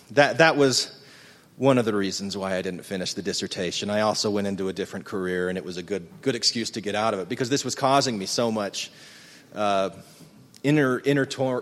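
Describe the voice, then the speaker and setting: A middle-aged man telling a reflective personal story to a live audience, earnest and halting, thinking aloud as he speaks. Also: on the low side, fairly bright tone. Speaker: speaker recounting his folklore research. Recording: long hall reverb.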